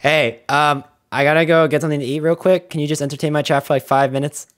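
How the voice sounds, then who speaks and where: A man's voice: fairly high pitch, fairly even intonation, quick pace. A man streaming a game, talking casually in a rambling, hesitant way with many fillers. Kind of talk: casual live-stream commentary.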